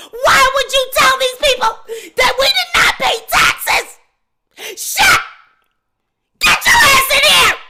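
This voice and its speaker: Woman playing a hysterical furious woman who is crying and screaming curses; very high and sharp. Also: gravelly, full character voice. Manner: yelling, cursing, crying and cackling. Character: frantic foul-mouthed woman, furious and sobbing. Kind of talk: comedic skit rant.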